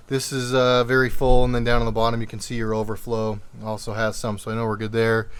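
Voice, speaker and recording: A man's voice: medium pitch, clear, resonant tone. A man hosting his own car vlog, talking casually and rambling a little with many fillers, walking through prep in his garage. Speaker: car vlogger. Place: home garage.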